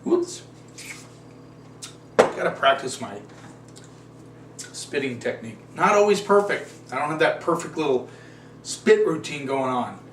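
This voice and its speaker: Folksy wine show host, roomy sound. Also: male voice, fairly high pitch, lively intonation, measured pace, long pauses, noisy background. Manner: folksy, rambling, self-correcting. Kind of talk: casual wine tasting talk. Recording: roomy, distant mic, faint ambience.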